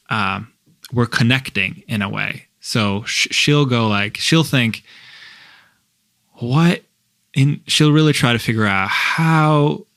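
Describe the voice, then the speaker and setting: Halting man with a dry sound. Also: mid-range voice, fairly bright tone, no echo. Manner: halting, many restarts and fillers. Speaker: husband in a couple's talk. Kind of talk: casual conversation.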